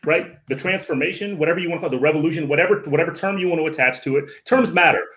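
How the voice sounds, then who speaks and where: A man's voice: a little high, rapid-fire, a bit bright. A man speaking as a guest in a casual podcast conversation, earnest and lecturing, often repeating words and tagging on "right?".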